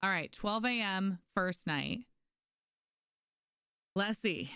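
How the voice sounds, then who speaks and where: A woman's voice: medium pitch, animated, slow, bright, forceful tone, slight background noise. A woman streaming a game live, chatting casually with viewers and thanking them by name. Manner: frequent restarts and fillers. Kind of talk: casual live gameplay commentary.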